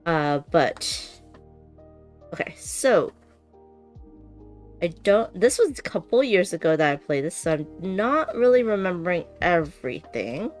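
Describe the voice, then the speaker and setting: A woman's voice: on the low side, darkish tone. A woman chatting casually and giggling as she unboxes a board game on a stream, thinking aloud as she goes.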